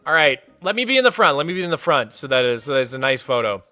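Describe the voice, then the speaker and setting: Over soft background music, this streamer talks in a very animated, rapid-fire mid-range voice. He banters casually with his audience during a game, laughs a lot, greets new arrivals by name, and coos gently to his cat in baby talk.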